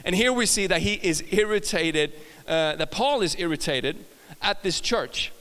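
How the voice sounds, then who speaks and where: A man's voice: sits high, expressive, a little slow, a bit bright, smooth. A man with a Swedish accent preaching a sermon, telling stories with frequent restarts and repeated words. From Sweden. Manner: storytelling with frequent restarts and self-laughter. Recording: long hall reverb.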